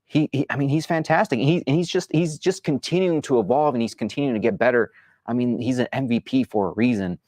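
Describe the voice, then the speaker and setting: A man's voice: mid-range voice, brisk, darkish tone, no echo, studio quality. A man hosting a sports show, chatting casually about games with lots of restarts and fillers. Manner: rambling, many restarts and fillers.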